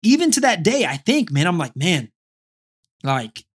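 A young man, a father, telling a personal story in casual chat, full of restarts and repeated words, getting animated as he goes. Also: sits high, measured pace, breathy edge.

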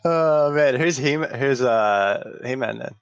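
A man's voice: mid-range voice, slow, smooth, no echo, dull audio. A man co-hosting a casual chat, chatty and laughing often, trailing off with ums. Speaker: podcast co-host.

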